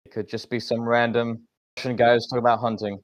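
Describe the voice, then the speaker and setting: A man co-hosting a casual gaming chat, speaking in a measured way and putting questions to his co-host. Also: medium pitch, flat delivery.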